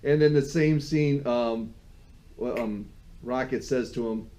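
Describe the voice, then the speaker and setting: A man's voice: mid-range voice, takes it slowly. A man co-hosting a casual movie recap who laughs easily and reacts with amusement. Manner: laughs easily, lively and animated. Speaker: co-host.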